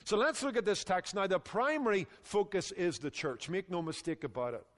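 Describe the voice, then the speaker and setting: A male pastor preaching a sermon with emphatic delivery that drops low and quiet on key phrases. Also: expressive, normal speed, in a large hall.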